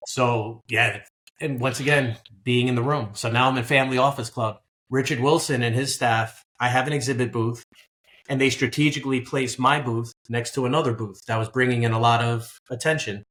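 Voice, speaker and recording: A man's voice: mid-range voice, moderate pace. A man from Queens, a guest in a conversational interview, telling stories and acting out dialogue. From Queens, New York. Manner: animated storyteller, acts out dialogue. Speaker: guest, business buyer.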